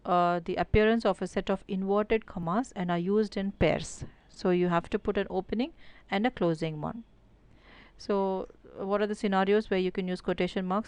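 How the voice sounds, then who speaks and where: A woman's voice: medium pitch, fairly even intonation, moderate pace, smooth, no room sound. A woman with an Indian English accent teaching an online grammar lesson, explaining step by step with many fillers like "so" and "uh".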